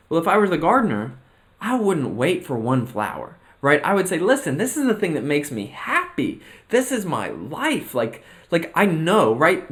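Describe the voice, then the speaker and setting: This man's mid-range voice has a slightly bright quality as he delivers a motivational self-reflection monologue on mental health for his vlog. Earnest throughout, he keeps asking "right?" and "okay?" while weaving his own stories into a long analogy.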